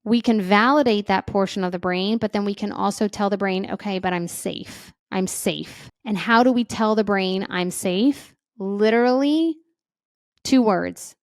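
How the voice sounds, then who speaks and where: A woman, a parenting educator, talking casually to parents and checking in often with a quick question. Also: medium pitch, no echo, studio quality. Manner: conversational, often checks in with "right?"; acts out feelings and inner voices. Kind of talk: casual advice talk.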